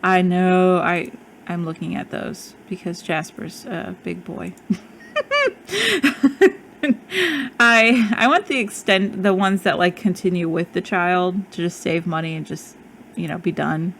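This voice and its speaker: A woman chats as a podcast co-host, laughing easily. She talks slowly and unhurriedly. A faint hiss sits under the recording. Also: lowish voice, creaky, fairly bright tone. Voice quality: lisp. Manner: chatty, laughs often. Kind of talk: casual chat.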